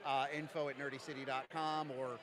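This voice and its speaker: A man from Jersey City, a game designer, joking quickly through a casual convention interview. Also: medium pitch, little pitch movement, a crowd in the background. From Jersey City, USA. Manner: jokey, quick, self-mocking. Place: convention lounge.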